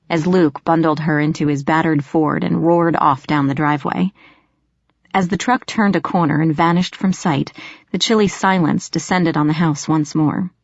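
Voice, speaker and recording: Woman narrating an audiobook, lowish voice. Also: creaky, no room sound, highs cut off. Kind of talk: first-person audiobook narration.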